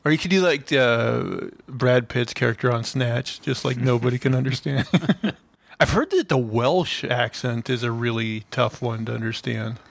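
A man's voice: medium pitch, moderate pace, gravelly, dry recording. A male podcast co-host in casual chat, rambling through ideas with lots of filler words and frequent laughs.

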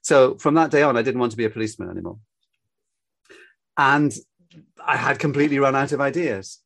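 An older man from Scotland speaks with only a faint Glaswegian accent, his voice sitting at an ordinary middle pitch. He talks casually as an interview guest. He tells his answers as rambling, reflective anecdotes. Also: brisk, vocal fry, fairly bright tone. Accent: light Glaswegian Scottish. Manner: reflective, anecdotal, drifting into stories. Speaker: storyteller guest.

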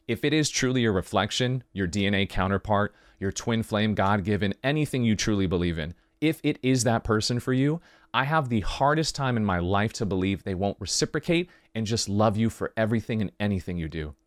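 A man's voice: on the high side, no room sound, clean studio sound. A man hosting a podcast, delivering a heartfelt monologue in an earnest, emphatic way, full of rhetorical questions. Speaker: podcast host.

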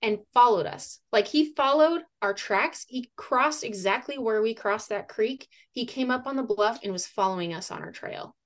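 Animated woman telling a hunting story. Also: a little high, normal speed, few pauses. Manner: animated, laughing, lively retelling with acted-out quotes. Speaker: podcast guest, fitness coach and moose hunter. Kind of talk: casual storytelling.

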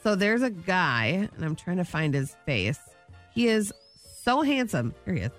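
A woman's voice: lowish voice, sing-song, unhurried, soft background music. Playful chatty woman radio co-host. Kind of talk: casual morning radio banter.

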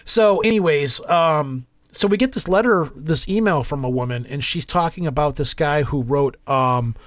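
A man hosting a podcast, chatting casually and rambling with many restarts and fillers. His voice sits a little high. The sound is dry and close to the mic. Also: moderate pace, dry recording. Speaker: podcast host. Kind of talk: casual chat.

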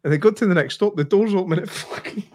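A man's voice: high-pitched, fast, no room sound, clean studio sound. A man co-hosting a casual chat, bantering, laughing and swearing. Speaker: podcast co-host.

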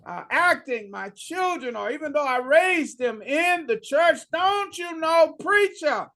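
A distressed churchgoer, as a preacher puts him on, cries out in a high, strained voice. The words come slowly and are drawn out, rough and gravelly at the edges. He pleads and protests, indignant, as part of a sermon. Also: animated, bright, forceful tone, exaggerated voice. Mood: pleading. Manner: pleading, rising, exasperated.

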